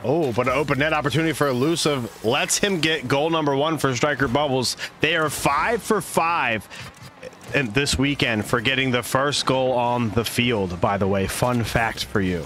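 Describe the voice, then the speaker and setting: A man's voice: mid-range voice, normal speed, hardly any pauses, fairly bright tone, slight background noise. A man hosting a stream and adding playful, jokey color commentary, greeting viewers along the way.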